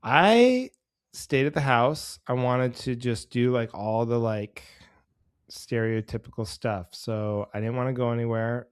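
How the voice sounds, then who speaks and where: A man co-hosting a podcast, chatting casually and telling rambling, jokey stories that speed up when he gets excited. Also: mid-range voice, measured pace, clear, resonant tone, dry recording, clean studio sound. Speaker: podcast co-host. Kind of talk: casual chat.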